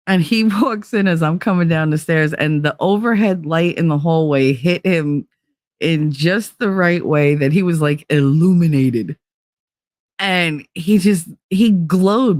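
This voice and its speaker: A woman from New Jersey hosts a podcast, telling a rambling, profane story and laughing as she goes in casual storytelling chat. Her voice is low, and the recording is dry and studio quality.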